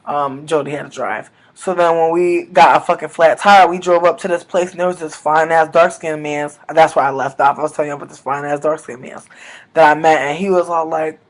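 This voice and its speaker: High-pitched animated man, casual storytelling. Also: fairly quick, poor audio. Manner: animated, profane, slangy, swings between loud bursts and mutters. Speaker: vlogger.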